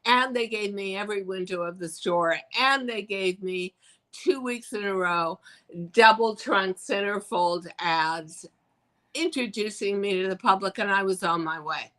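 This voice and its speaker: Bright-voiced older woman telling her story. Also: mid-range voice, unhurried, rough recording. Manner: animated storyteller acting out quoted voices. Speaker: fashion designer guest. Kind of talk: storytelling interview.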